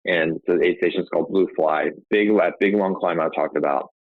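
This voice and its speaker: Man, very low voice, casual rambling storytelling, tinny phone-like sound, dry. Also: brisk, no echo. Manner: rambling, frequent restarts and "like" fillers. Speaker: podcast host telling his own story.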